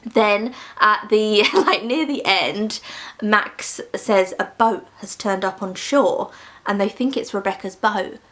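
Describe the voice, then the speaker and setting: A woman from the United Kingdom giving an animated, slightly ranty book review in a casual, chatty way, laughing between points. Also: mid-range voice, takes it slowly.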